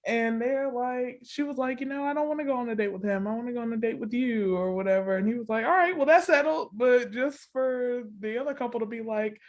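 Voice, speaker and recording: Animated woman podcast co-host. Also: fairly quick, few pauses, dull audio. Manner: animated storytelling, acts out quotes with big pitch jumps; laughs often, fills with "like" and "all the things". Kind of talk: casual chat recapping a reality show.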